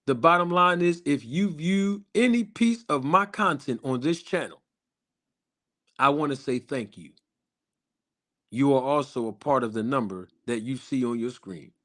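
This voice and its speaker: A man with a slightly higher voice hosts a live stream, talking straight to his viewers. He speaks emphatically and in repeating phrases, stretching out key lines for weight. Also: a little slow, long pauses, fairly bright tone. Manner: emphatic and repetitive, addressing viewers directly. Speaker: boxing YouTube channel host.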